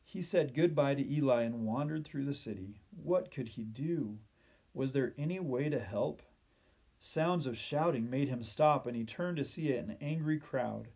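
Guy reading a kids bible story, gentle, slows down for the sad parts. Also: medium pitch, gravelly.

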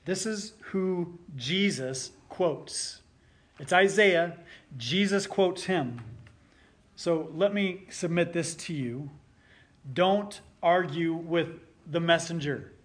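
A man's voice: a little high, slow. A man preaching a sermon as pastor, reading scripture aloud with rising force and then explaining it plainly.

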